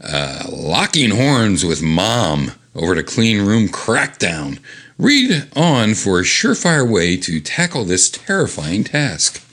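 A man's voice: wildly swooping pitch, takes it slowly, a bit bright. A man reading an old teen magazine aloud, stuffy from sinus trouble, rambling and joking between the quoted bits. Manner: rambling, self-mocking, breaks into high mock voices when quoting. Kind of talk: casual read-aloud with commentary.

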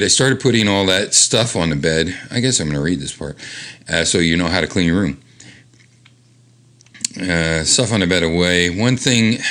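Stuffy-nosed guy reading an old mag out loud, lowish voice that swings all over, rambly and jokey. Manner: rambling, self-mocking, breaks into high mock voices when quoting. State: stuffy from sinus trouble. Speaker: vlogger reading an old magazine. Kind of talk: casual read-aloud with commentary.

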